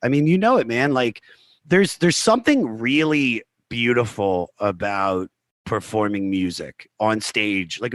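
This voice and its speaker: A male comedian, a podcast guest, telling animated stories in casual conversation with lots of "like" and "you know.". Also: on the low side, no room sound. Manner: animated, fast anecdotes full of "like" and "you know"; acts out other people's remarks in his retelling.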